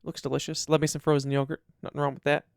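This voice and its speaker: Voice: mid-range voice, flat delivery, creaky, clear, resonant tone, no echo, clean studio sound. A podcast co-host in easygoing casual chat, with teasing asides. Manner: laid-back, quick reactions and teasing asides. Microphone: studio dynamic mic.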